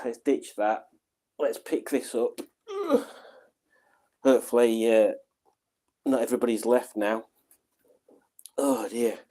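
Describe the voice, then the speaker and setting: A middle-aged man, hosting a livestream at home in a relaxed, rambling, self-deprecating way while reading out viewer comments. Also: medium pitch. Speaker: livestream host.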